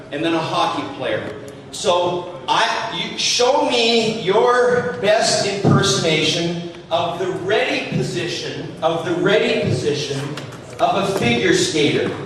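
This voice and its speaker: A man teaching hockey skating to a live audience, animated and jokey as he demonstrates moves. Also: high voice, slight background noise. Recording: echoey hall, distant mic.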